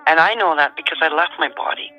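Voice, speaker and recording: A middle-aged woman, calmly and matter-of-factly telling a personal story as a guest. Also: low-pitched, quick pace, faint music behind, low-quality recording. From Canada. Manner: calm, matter-of-fact storyteller.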